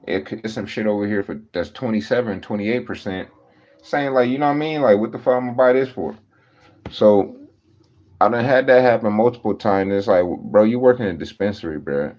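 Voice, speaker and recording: A man's voice: on the low side, a little fast, darkish tone. A man in a casual, profane rant full of slang, telling exasperated stories in a loose storytelling flow. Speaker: podcast host. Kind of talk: casual ranting monologue. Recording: dull lo-fi recording.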